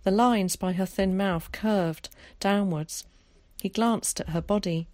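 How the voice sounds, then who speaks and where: A woman narrating an audiobook in a calm, measured way. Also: mid-range voice, dry recording.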